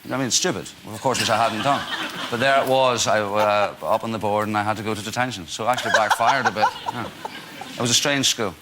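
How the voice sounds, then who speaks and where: A fairly low-pitched, fast-talking Northern Irish man in his forties trades chatty anecdotes as a talk show guest. He pokes fun at himself, laughs a lot and stumbles over many "uh"s. Heavy background noise runs through the clip.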